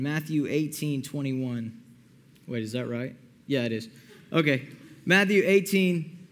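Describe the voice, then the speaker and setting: A young man preaching a sermon, praying earnestly and then retelling a parable in a lively way. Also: mid-range voice. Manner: earnest, pleading prayer, then animated retelling. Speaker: pastor. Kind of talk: sermon with prayer and scripture reading.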